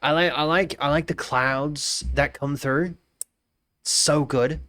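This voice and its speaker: A man's voice: a little high, steady tone, slow pace, a bit bright. A young Australian man chatting casually on a live stream, musing aloud, repeating phrases and greeting viewers by name.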